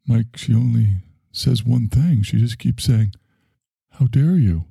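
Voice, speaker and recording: A man's voice: medium pitch, slow, vocal fry, warm tone, breathy edge, dry recording, exaggerated voice. A man voicing a puzzled, skeptical ordinary man who keeps questioning. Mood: doubtful. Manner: questioning, plain, doubtful.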